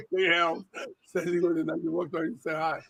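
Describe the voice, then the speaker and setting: Podcast host, man, high-pitched, animated storyteller, casual chat. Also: unhurried, creaky, slightly rough, dull audio. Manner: animated, exclamatory anecdotes.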